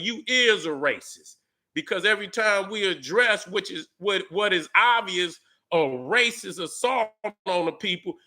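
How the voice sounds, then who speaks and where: Middle aged guy ranting hard at commenters, cussing, high pitched and sharp. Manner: angry, profane, shouting at commenters. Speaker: YouTube commentator. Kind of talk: heated commentary to viewers.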